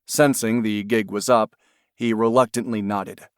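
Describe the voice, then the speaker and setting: A man narrating an audiobook in a steady, measured storytelling manner. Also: fairly low pitch, smooth, no room sound, studio quality.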